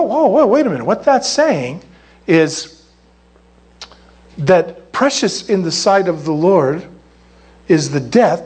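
A middle-aged male pastor from California preaching an animated, jokey sermon. His voice sits high and carries a husky edge. He leaps into squealing voices when he acts out quotes.

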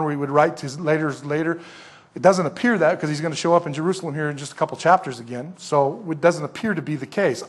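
A man preaching an expository sermon as pastor, telling the story in a lively way and asking the congregation rhetorical questions. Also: fairly high pitch.

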